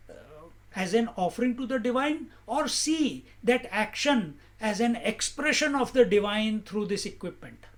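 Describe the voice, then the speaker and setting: A spiritual teacher with a strikingly high male voice gives a calm discourse. He speaks at a measured pace, stresses his points, and relies on rhetorical questions.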